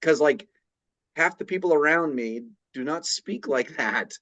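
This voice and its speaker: A man's voice: fairly high pitch, animated, a little slow, pushed and bright, dry recording. A man with a Boston accent, a podcast guest in casual conversation, who often stops and restarts and repeats words. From New England. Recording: slightly dull, lo-fi audio.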